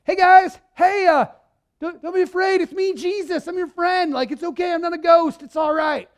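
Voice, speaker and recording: Pastor guy putting on a way too casual buddy jesus, voice jumps up high, stammers a bit. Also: fairly even intonation, normal speed. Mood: chummy. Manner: breezy, reassuring, stammering. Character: overly casual chummy Jesus, adult man.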